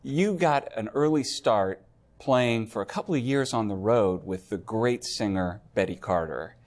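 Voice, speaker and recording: Male interviewer, curious, prompts the story, lively pitch. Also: measured pace. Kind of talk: interview questions.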